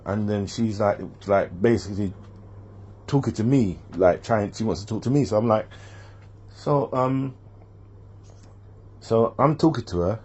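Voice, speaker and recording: A man tells a personal story in a loose, rambling way. He goes back over the same points and acts out what people said to him. His voice sits low and has a husky grain. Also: dark tone, highs cut off. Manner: rambling, repeats himself, quotes others.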